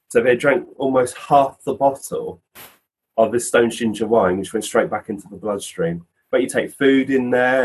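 Male guest medium, husky, animated anecdote-teller. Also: medium pitch, low-quality recording. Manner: animated storyteller, acts out quoted voices. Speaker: physical medium, podcast guest. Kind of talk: casual anecdotal storytelling.

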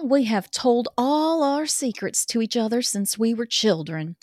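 A woman's voice: on the high side, a little mellow, no echo, studio quality. A woman reading aloud as a gushing young woman writing love letters, in a put-on Southern accent with a dramatic, breathless delivery. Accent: American Southern, put on.

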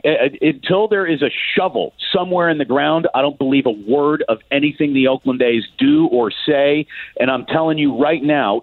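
A man's voice: medium pitch, dry recording. A man calling into a sports radio show as a guest, giving blunt, opinionated analysis over a tinny phone line.

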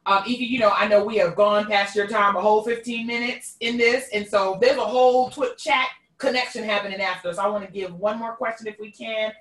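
A woman with a Queens accent hosts a casual live-streamed chat. Her voice is bright and forceful, and it sounds echoey and set back from the mic. She is expressive and folksy, and she calls her listeners "y'all.". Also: mid-range voice, fairly quick, hardly any pauses, distant mic. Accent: Queens New York. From New York. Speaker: host.

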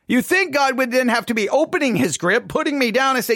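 A man's voice: extremely high pitch, lively intonation, brisk, few pauses, bright, forceful tone, no echo, clean studio sound. A man reviewing a sermon in critical commentary, perplexed and questioning, often stammering as he restarts his thoughts. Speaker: podcast host reviewing a sermon.

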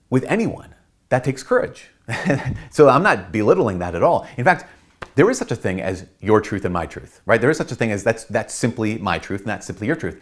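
A man, a priest hosting his channel, explaining an idea in a casual teaching talk, repeating key points and acting out quotes in playful voices. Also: mid-range voice.

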